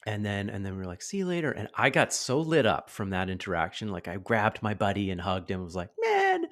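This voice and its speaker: A man's voice: low-pitched, fast talker. A man in his thirties hosting a podcast, telling a story in casual conversation and acting out the people in it. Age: 30s. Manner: animated storyteller acting out quoted voices. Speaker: podcast host.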